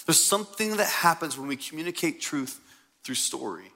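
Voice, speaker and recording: A man preaching a sermon to a congregation in a church, animated and conversational. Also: a little high, normal speed. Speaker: pastor. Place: church sanctuary before a congregation.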